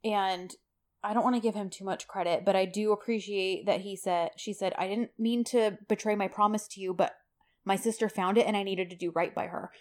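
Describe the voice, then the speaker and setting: A woman co-hosting a relaxed podcast and chatting through a TV episode scene by scene. She is lively in her retelling and slips into the characters' lines as she quotes them. Her voice sits at an ordinary middle pitch. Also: fairly quick. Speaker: podcast co-host. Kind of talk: casual chat recapping a TV episode.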